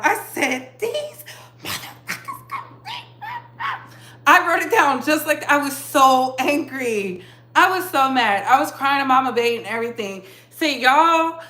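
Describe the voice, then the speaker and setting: Bright, high-voiced woman live-streaming chat. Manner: chatty, laughs often, greets chat viewers by name. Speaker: livestream host. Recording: echoey room.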